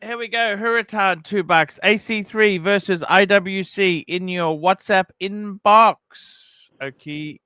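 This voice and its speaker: A man co-hosting a casual livestream, plain-spoken and unhurried. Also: high voice, sharp tone, clean tone, dry recording. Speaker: livestream co-host.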